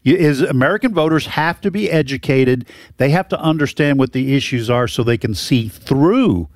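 A man co-hosts a political talk radio show, opinionated and arguing his points with emphasis. His animated voice sits in an ordinary mid range and moves at normal speed. It is recorded dry and close in the studio.

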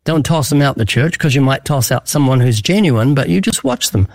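With a mid-range voice, fairly quick and animated, this evangelist recounts his work in an interview with no echo on the recording. He preaches earnestly, telling urgent stories and acting out the dialogue.

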